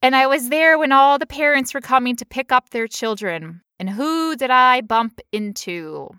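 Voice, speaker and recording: A young woman telling a long personal story in casual chat, animated and full of "like". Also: sits high, moderate pace, smooth, no room sound, clean studio sound.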